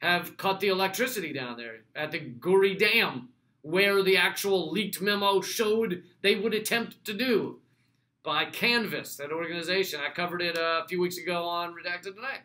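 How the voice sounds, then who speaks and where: A man hosting a casual show, answering viewer questions in a wry, sarcastic way with quick restarts and asides. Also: high-pitched, pushed and bright. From United States. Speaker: host.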